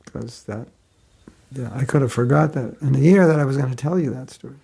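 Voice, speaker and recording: A man's voice: mid-range voice, fairly quick, creaky, mellow, breathy edge. A man giving a devotional class, telling stories in a conversational way and chuckling often. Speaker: spiritual teacher.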